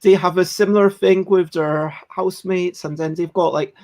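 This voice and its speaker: Lively podcast host, casual, relays audience comments. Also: medium pitch, normal speed. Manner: lively, reads out viewer comments. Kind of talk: casual chat.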